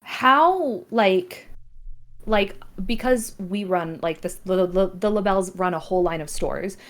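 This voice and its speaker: A woman's voice: medium pitch, a little slow. A woman player in a tabletop game who talks hesitantly with many fillers. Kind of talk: casual tabletop play.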